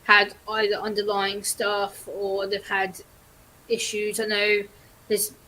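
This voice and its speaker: A woman's voice: mid-range voice, monotone, slow pace, pushed and bright, slight background noise, rough recording. A woman talking frankly as a guest on a casual livestream, stating firm opinions and laughing them off. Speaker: stream guest.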